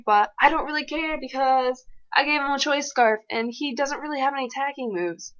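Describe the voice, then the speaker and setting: Excitable woman narrating gameplay, lo-fi. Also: high-pitched. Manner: fast, excitable chatter. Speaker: gameplay commentator. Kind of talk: casual game commentary.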